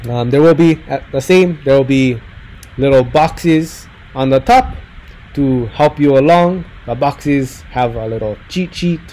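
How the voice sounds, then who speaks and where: A man teaching a recorded slideshow lesson, repeating phrases slowly for the learners to echo. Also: medium pitch, a little mellow. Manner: slow, drills phrases with rising repetition. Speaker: Hawaiian language teacher.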